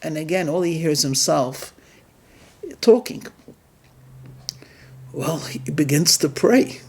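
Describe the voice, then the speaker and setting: Slow, deliberate male rabbi preaching. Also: a little high, animated, darkish tone. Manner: measured, deliberate delivery with emphatic pauses. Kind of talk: sermon storytelling.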